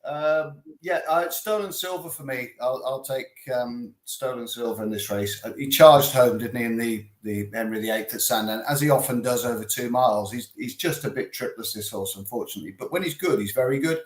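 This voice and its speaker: A man giving racing tips in a casual chat, joking with dry humour and filling his pauses with ums. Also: medium pitch. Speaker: racing tipster. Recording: roomy echo.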